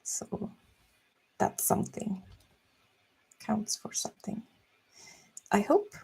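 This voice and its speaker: A young woman chatting softly and musing slowly while she draws on a live stream. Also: mid-range voice, very animated, gravelly, slightly rough. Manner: soft-spoken, slow and musing. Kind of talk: casual chat while drawing.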